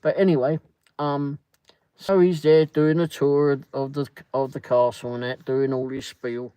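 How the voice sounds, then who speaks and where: A man chats on a car livestream, rambling happily through anecdotes with plenty of laughter. His voice is mid-pitched and close, with a dry sound. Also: level tone, a little slow, dark tone, clean tone, no echo, poor audio. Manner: chatty storyteller, laughs often. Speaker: livestream host. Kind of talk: casual chat while driving. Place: car at night.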